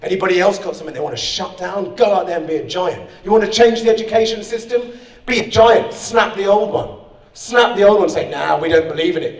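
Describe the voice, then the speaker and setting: A man's voice: on the high side, far from the mic. A man giving a rousing motivational speech at a conference, speaking straight to the audience. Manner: energetic, rousing, direct to the audience. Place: conference hall. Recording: echoey hall, speaker off-mic.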